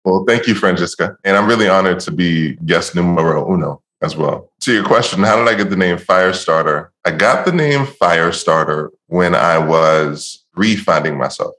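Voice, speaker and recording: Very deep-voiced man in an echoey room. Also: moderate pace, few pauses. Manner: animated storyteller, laughs often. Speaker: podcast guest, empowerment coach. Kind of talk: casual storytelling chat. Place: home room on a call. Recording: roomy echo.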